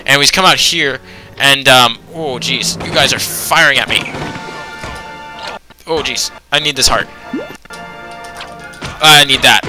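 A young man talks through a video game in a loose, rambling commentary, filling every pause with ums and anyways. His voice is very bright and sharp, with faint music under it. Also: medium pitch. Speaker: let's play commentator. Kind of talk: casual gameplay commentary.

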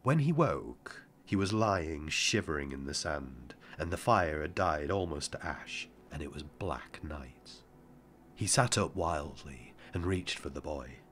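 Deep-voiced man narrating an audiobook. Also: expressive, unhurried, a bit bright, slight background noise.

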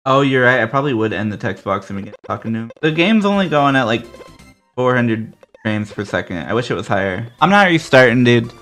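A man's voice: mid-range voice, lively intonation, a little fast, a bit bright, soft background music. A man giving live commentary while playing a game and answering his chat with sarcastic remarks. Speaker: game streamer.

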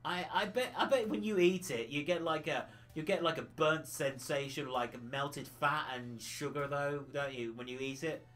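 A man's voice: a little high, normal speed, hardly any pauses, fairly bright tone, faint music behind. A man from the UK chatting casually on a retro gaming livestream, rambling and laughing often.

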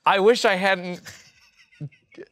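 A man's voice: sits high, slow, fairly bright tone, dry recording, studio quality. A man hosting a food review podcast in casual chat, rambling with many fillers and laughing often.

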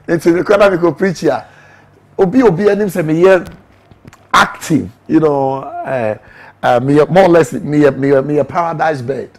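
A man's voice: fairly high pitch, unhurried. A middle-aged man with a Ghanaian accent giving an emotional testimony in an interview, mixing English and Twi as he tells his story. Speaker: interview guest, evangelist.

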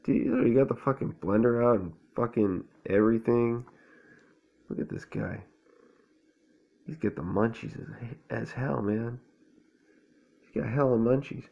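A man's voice: mid-range voice, unhurried, creaky, pauses often, mellow. A man reading a children's picture book aloud and breaking off for crude, slangy, laid-back commentary. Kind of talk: stoned commentary over a storybook reading.

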